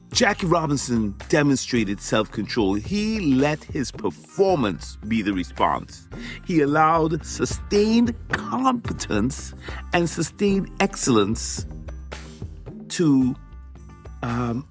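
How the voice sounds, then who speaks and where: A man hosting a motivational podcast, talking emphatically and conversationally and repeating phrases for effect. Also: fairly high pitch. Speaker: podcast host and physician.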